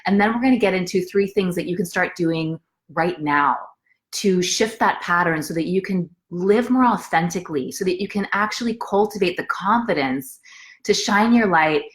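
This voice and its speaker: A woman with a fairly low voice leads a live motivational session as a coach. She talks earnestly and circles back to repeat key phrases for emphasis, greeting viewers by name as she goes. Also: normal speed. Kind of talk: motivational live talk with a personal story.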